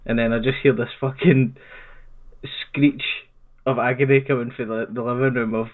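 A man's voice: medium pitch, normal speed. Scottish man over a tinny line. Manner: relaxed, sweary, wry. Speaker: podcast co-host. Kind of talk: casual storytelling chat.

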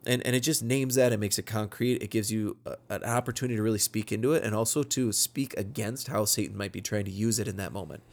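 A man's voice: fairly low pitch, fast, few pauses, darkish tone. A man in his thirties co-hosting a podcast for church workers, explaining communication tips in an earnest, practical, casual way. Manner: earnest, practical, acts out short sample dialogues. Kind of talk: casual instructional podcast talk.

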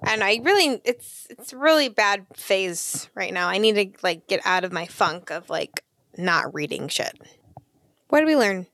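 A woman's voice: mid-range voice, sing-song, a little slow, fairly bright tone, dry recording, studio quality. A woman co-hosting a casual chat, giving short replies and trailing off hesitantly. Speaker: podcast co-host.

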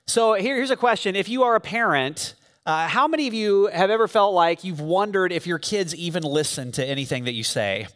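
A man's voice: high-pitched, lively intonation, brisk, a bit bright. A man preaching a sermon to a church congregation, speaking conversationally and telling stories with frequent fillers. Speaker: pastor. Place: church sanctuary. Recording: long reverb of a large hall.

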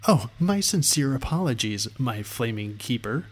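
A man's voice: mid-range voice, animated, moderate pace, natural voice. A man voicing a scrawny, sarcastic male magician who taunts in a snide, sing-song way. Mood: mocking. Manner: mocking, sing-song, smirking.

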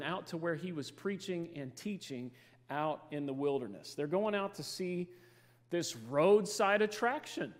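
A man's voice: high voice, lively intonation, unhurried. A man, preaching a humorous sermon and chatting with his congregation as he tells stories. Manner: storytelling, playful, chatty with the audience. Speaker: guest preacher. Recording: reverberant church hall.

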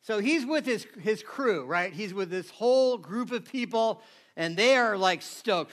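A man with a very high voice preaches in a loose, conversational way. His tone is bright and sharp, and he keeps checking in with the crowd. It sounds like a friendly talk, not a formal lecture. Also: moderate pace. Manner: chatty, keeps asking the audience "right?". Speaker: pastor. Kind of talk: casual conversational sermon.

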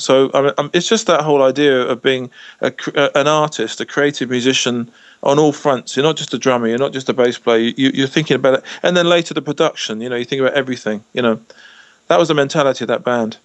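An Englishman who plays music is interviewed casually over a video call, telling stories with many restarts and lots of "you know." He talks fast in a mid-range voice with fairly even intonation, and there's no echo.

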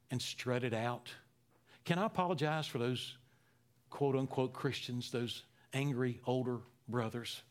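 A man preaching a sermon, repeating phrases for emphasis and swinging between loud, emphatic lines and hushed near-whispers. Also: mid-range voice. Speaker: pastor.

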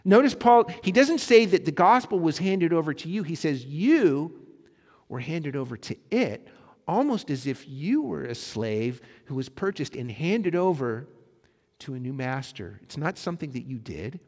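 A male pastor preaching a sermon, swinging between loud emphatic lines and soft hushed ones. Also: on the high side, big pitch swings, moderate pace. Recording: long hall reverb.

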